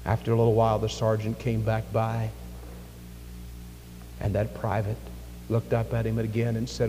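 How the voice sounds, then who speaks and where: A man preaching a sermon in a church, emphatic, with dramatic pauses and big swings in volume. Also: on the low side, monotone, warm tone. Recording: echoey hall with faint music.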